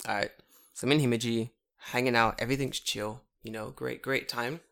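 A man co-hosting a podcast, telling stories in a loose, animated way, swearing often and acting out the people he quotes. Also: medium pitch, a little fast, vocal fry. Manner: animated, swears a lot, acts out voices in his stories. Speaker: podcast co-host; English teacher in Japan. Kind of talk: casual storytelling chat.

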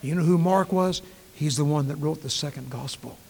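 A man preaching a sermon as pastor, emphatic, swinging between hushed and loud passages. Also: fairly high pitch, moderate pace, gravelly, big-room sound.

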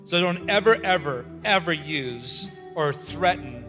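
Guy preaching in church, repeats himself for emphasis, cracks jokes, soft music under it. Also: fairly high pitch, lively intonation, a little slow. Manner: emphatic, repetitive, with joking asides. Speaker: pastor. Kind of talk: sermon. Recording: long hall reverb with faint music.

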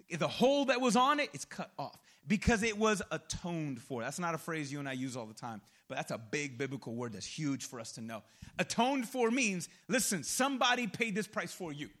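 A man's voice: high voice, a bit bright. A male pastor preaching a sermon in a casual, conversational way, full of slang and personal stories, acting out his own reactions.

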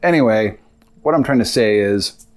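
A man's voice: lowish voice, lively intonation, normal speed. A man hosting a podcast, telling a long personal story in a rambling, confessional way with many fillers. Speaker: podcast host. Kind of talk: casual storytelling monologue.

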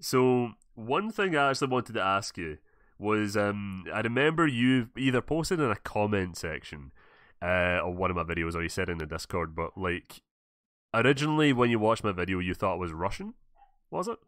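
A man's voice: lowish voice, animated, moderate pace, a bit bright, no room sound, studio quality. A young Scottish man hosting a casual podcast, rambling, swearing and correcting himself as he goes. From Scotland. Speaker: podcast host. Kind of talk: casual chat.

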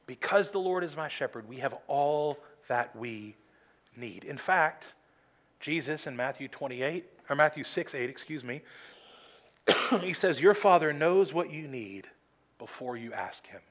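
A man preaching a sermon from a church pulpit, earnest, slowing down for emphasis and adding dry humor. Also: a little high, lively intonation, fairly bright tone. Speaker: pastor.

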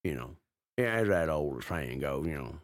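A man voicing a folksy, gun-toting Southern farm gentleman with an American Southern accent, drawling and polite in an improvised comedy podcast. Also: very deep voice, very animated, normal speed, no echo, clean studio sound. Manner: drawling, polite yes-sirs, menacing.

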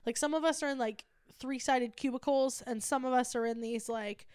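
A woman co-hosting a comedy podcast, telling an office story with animated quoting and frequent laughter. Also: high-pitched, moderate pace, clean tone, dry recording, clean studio sound. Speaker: podcast co-host.

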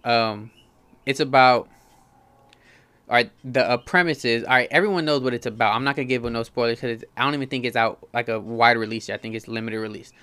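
Slangy young man, smooth clear voice. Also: medium pitch, a little fast. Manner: slangy, animated, swears freely. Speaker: vlogger reviewing movies. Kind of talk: casual profane chat.

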